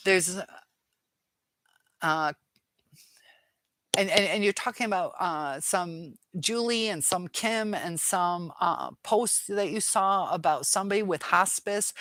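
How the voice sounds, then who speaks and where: A middle-aged woman hosts a live chat, reading viewer comments aloud and pushing back on them. Her voice sits a little low and sounds dry, with no room around it. She speaks frankly and sounds fed up. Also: expressive, unhurried, a bit bright, no room sound.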